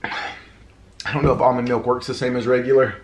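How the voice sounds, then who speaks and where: A man's voice: mid-range voice, level tone, slight background noise. A man chatting casually to viewers in a mukbang, sighing and suffering from spicy food. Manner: chatty, drawn-out sighs, informal. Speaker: food vlogger.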